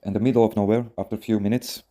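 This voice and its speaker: Guy, really deep mellow voice, rambling podcast advice full of you know and swearing. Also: little pitch movement, rapid-fire. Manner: rambling, many fillers, frequent swearing. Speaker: podcast host. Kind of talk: casual storytelling advice podcast.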